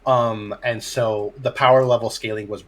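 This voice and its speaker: A man's voice: mid-range voice, fairly even intonation, normal speed. A man, a dungeon master, telling a tabletop game story in casual chat, acting out his players' lines and laughing often.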